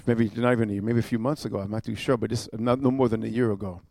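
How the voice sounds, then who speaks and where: A man preaching a fiery evangelistic sermon, emphatic and full of "amen" and "huh?", swinging from quiet asides to loud declarations. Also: fairly low pitch, fairly even intonation, rapid-fire, vocal fry, no echo.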